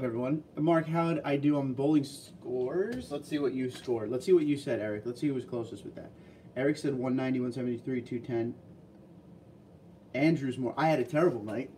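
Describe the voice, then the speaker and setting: A man hosting a casual livestream, reading viewer comments aloud and chatting back in a relaxed way. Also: mid-range voice, far from the mic, a little hiss or hum.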